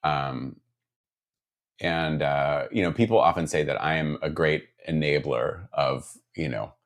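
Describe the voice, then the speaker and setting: A very low-voiced man from the Midwest, talking casually to viewers on a live stream. He rambles, starts sentences over and fills pauses with ums as he reads out and answers their comments. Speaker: guitar builder streaming to viewers.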